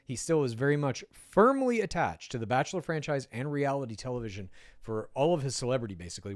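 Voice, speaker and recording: A man's voice: mid-range voice, dry recording, clean studio sound. A man giving casual, wry commentary while reading an article aloud, often drifting off on tangents and swearing now and then. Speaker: pop culture commentator.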